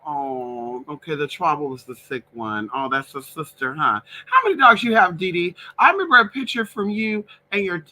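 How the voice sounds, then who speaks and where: A man's voice: on the high side, pushed and bright, poor audio. A man chatting casually and playfully on a live stream, talking to his pets and his viewers. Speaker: vlogger doing a live stream.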